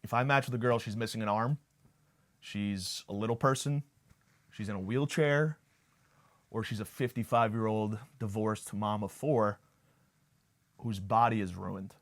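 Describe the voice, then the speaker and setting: Low-voiced man doing crude comic rambling. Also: a little slow, long pauses. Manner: crude, sarcastic, rambling with fillers. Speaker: podcast host. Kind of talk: comedic monologue.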